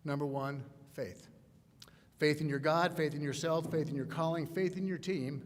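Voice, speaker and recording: A man delivers a commencement speech in a slightly high voice, pressing each point with emphatic, repeated refrains. His voice rings with the long reverb of a large hall over a faint hum of noise. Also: fairly even intonation, moderate pace. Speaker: commencement speaker. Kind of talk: ceremonial speech.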